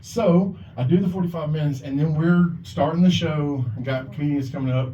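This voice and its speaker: A man with a fairly high, mellow voice talks fairly quickly as the open mic host at a bar or club, giving a rambling, profane set and voicing the characters he quotes. The audio is echoey and lo-fi, picked up from far away with a little hiss or hum.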